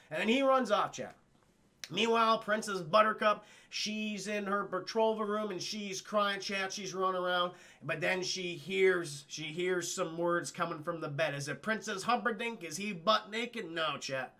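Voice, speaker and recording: A young man rattles through a movie's plot for his live chat, swearing constantly and jumping into quick voices for the characters. His voice sits high and bright with a gravelly edge. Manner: animated, swears a lot, acts out lines in quick put-on voices. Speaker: streamer recapping a film. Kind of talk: profane comic film recap to live chat.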